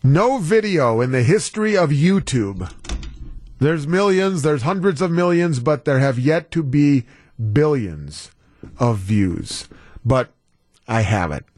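A man's voice: on the high side, big pitch swings, slow, darkish tone, no echo. A male radio talk show host chatting casually into a studio microphone, rambling off on tangents and reading listener texts.

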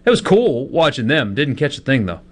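A man's voice: mid-range voice, big pitch swings, fairly quick. A man co-hosting a sports radio show, telling stories in a casual, self-deprecating way.

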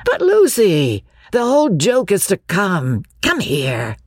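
A woman voicing a playful, self-satisfied young gentleman in an audiobook. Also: medium pitch, huge pitch swings, slow, no room sound, clean studio sound, pitched above the performer's own voice, heavily acted. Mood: teasing. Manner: teasing, theatrical.

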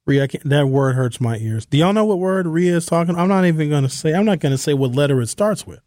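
A man's voice: on the high side, expressive, fast talker, darkish tone, no echo. A man hosting a casual talk radio show from a studio, joking and offhand. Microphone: studio mic.

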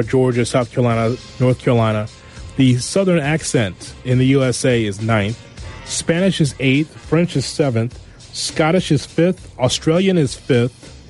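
A man hosting a sports radio show, reading news items and adding quick wisecracks. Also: mid-range voice, a little mellow. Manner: wisecracking, quick asides after each story.

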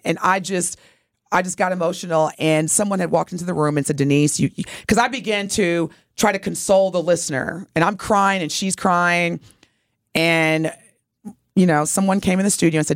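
A woman's voice: on the low side, moderate pace, no room sound, studio quality. Earnest woman radio co-host. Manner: earnest, heartfelt storytelling. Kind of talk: casual radio talk and storytelling.

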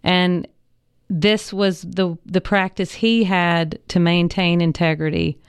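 A woman, a pastor, talking in a radio studio interview. Her voice is low-pitched for a woman and very smooth, close and dry. She weighs her words with frequent ums. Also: steady tone, takes it slowly, no echo. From American South. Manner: thoughtful, hedging with ums, laughs easily. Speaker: pastor and guest.

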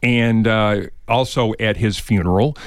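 A man's voice: on the low side, a little slow, smooth, no room sound, studio quality. Rochester-accented radio movie guy. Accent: Rochester, New York. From Rochester, New York. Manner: storytelling, laughs often, says "uh" a lot. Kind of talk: radio talk segment.

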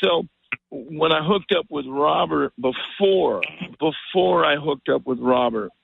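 A man's voice: a little high, unhurried, creaky. An older man, a musician guest, telling a rambling story over the phone and acting out what people said. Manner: rambling, animated storyteller who acts out quotes. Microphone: telephone. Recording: tinny phone line, dry.

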